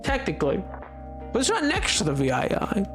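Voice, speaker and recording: A man's voice: high voice, wildly swooping pitch, a little fast, music in the background. A man streaming a game, chatting casually with his viewers in a rambling, joking way. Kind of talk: casual livestream chat while gaming.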